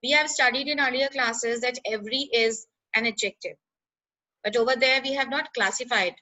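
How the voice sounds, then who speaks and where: A woman explaining grammar in a lesson, pausing with "uh" and checking in with "right?". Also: fairly high pitch, sharp tone, low-quality recording. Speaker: teacher.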